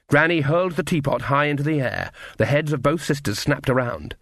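Steady male audiobook narrator. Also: on the high side, a little fast, no echo, clean studio sound.

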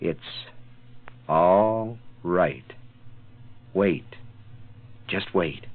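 A man playing a sinister stranger in black, flat, mocking, low voice, thin lo-fi audio. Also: a little slow, lightly acted. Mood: soft soothing. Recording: tinny phone-like sound.

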